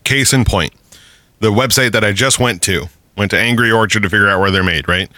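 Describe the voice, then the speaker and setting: A man's voice: lowish voice, brisk, pushed and bright, no echo. A man hosting a casual podcast chat, ranting with lots of swearing and frequent laughter. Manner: profane, ranting, laughs often. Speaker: podcast host.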